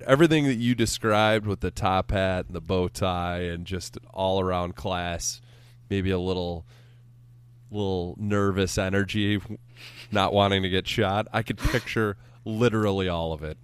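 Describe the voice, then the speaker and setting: A man's voice: deep voice, steady tone, normal speed, clear, resonant tone, no echo. A man hosting a sports podcast, chatting casually with a dry, teasing humor.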